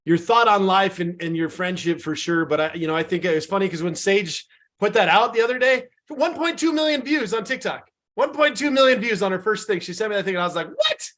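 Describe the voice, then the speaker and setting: Man with a high voice, casual co-host on a video call, friendly storyteller. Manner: relaxed and friendly, halting restarts, storytelling. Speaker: webinar co-host, business owner.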